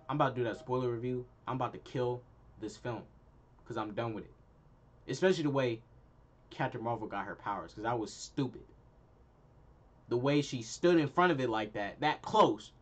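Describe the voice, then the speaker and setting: A man's voice: mid-range voice, normal speed, long pauses. A young man hosting his own channel, giving a heated, slangy movie review full of repeated punchlines. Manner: slangy, heated and emphatic, repeats lines for effect. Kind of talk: casual ranting review.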